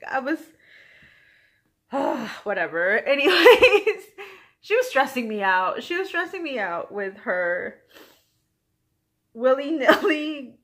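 A young woman hosting a knitting vlog, chatting casually at home and telling an anecdote with frequent giggles and playful voices for her friends. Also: slow. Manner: animated, giggly, quotes friends in higher voices. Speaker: knitting podcast host.

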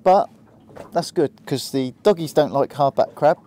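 A man's voice: on the high side, unhurried, warm tone, a little hiss or hum. Chatty Hampshire man fishing from a boat. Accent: Hampshire English. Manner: chatty and easygoing, talks to the fish and the viewer. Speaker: angler vlogger. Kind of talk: casual running commentary while fishing. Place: small boat out at sea.

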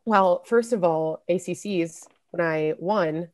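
Laughing, lively woman telling stories. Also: on the low side, slow pace. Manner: lively storyteller who laughs often. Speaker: interview guest, former college swimmer. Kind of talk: casual interview chat. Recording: podcast audio.

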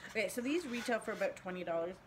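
A chatty, enthusiastic woman from Canada talks through a casual beauty unboxing at home, her pitch sitting mid-range. The home video carries a clear hum of background noise behind her voice. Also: expressive, rapid-fire, poor audio. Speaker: beauty channel host.

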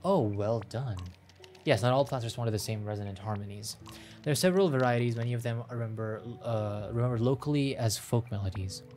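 A man's voice: medium pitch, fairly quick, darkish tone, soft background music, close to an everyday voice. A man playing a wise old grandpa. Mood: gentle.

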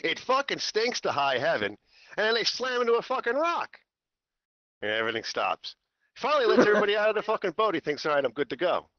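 A man's voice: high-pitched, wildly swooping pitch, brisk, a bit bright, no echo. A man telling a profane, comic story as a rant to friends over a headset. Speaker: server host ranting to friends. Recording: dull lo-fi voice chat.

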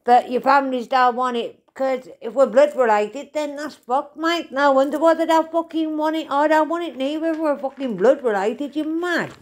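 A woman's voice: high voice, moderate pace, hardly any pauses. A woman giving a casual, rambling spiritual reading to camera, swearing often and calling the listener mate and darling. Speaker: tarot reader.

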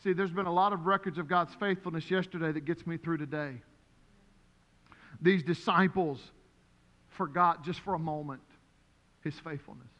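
A man preaching as pastor, emphatic and repetitive, his voice rising to shouts. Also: a little high, fairly even intonation, moderate pace, long pauses, big-room sound, dull audio. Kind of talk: sermon.

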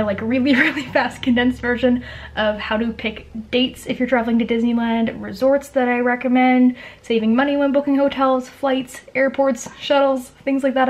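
A young woman chats straight to her camera at home, rambling and laughing as she goes. Her voice sits a touch on the high side. The talk is loose and friendly. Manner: chatty, rambling, laughs often. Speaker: vlogger. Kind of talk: casual talking-head vlog.

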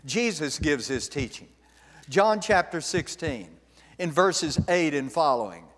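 A man's voice: a little high, animated, measured pace, fairly bright tone. A man preaching a sermon as pastor, emphatic and direct, asking his congregation rhetorical questions. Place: church sanctuary. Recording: long reverb of a church hall.

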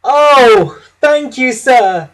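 Man voicing an excitable little tank engine. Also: normal speed, husky. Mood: delighted. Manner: excitable, puffing, higher voice. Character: eager cheeky small male tank engine. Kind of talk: storybook narration.

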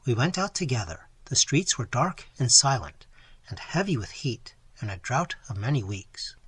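A man reading a gothic novel aloud in a dramatic, expressive style, his voice strained from long sessions. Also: medium pitch, moderate pace, slightly rough, no room sound. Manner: dramatic, animated storytelling. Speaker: audiobook narrator.

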